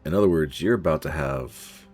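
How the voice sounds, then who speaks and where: A man's voice: extremely low pitch, moderate pace, a little mellow, faint music behind. A man streaming a game live, muttering through his looting and reacting to chat in casual commentary.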